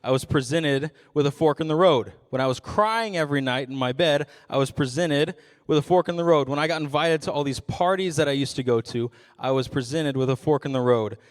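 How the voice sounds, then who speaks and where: A man's voice: fairly high pitch, a little fast, in a large hall. A young adult man giving a youth sermon as a ministry intern, casual and self-deprecating with frequent jokes.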